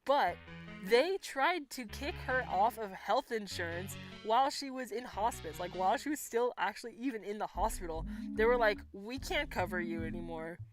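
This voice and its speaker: A woman's voice: fairly high pitch, moderate pace. A woman hosting a casual livestream, reading out viewer comments and chatting back, swearing and laughing freely. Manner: chatty, swearing, laughs often, lively reactions. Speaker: livestream host. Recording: music playing behind her voice.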